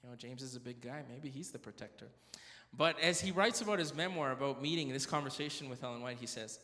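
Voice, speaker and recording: Brief: male church speaker, casual storyteller with asides, mid-pitched, long hall echo. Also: fast, bright, forceful tone. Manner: chatty, jokes and corrects himself as he goes. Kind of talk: storytelling talk at a prayer meeting.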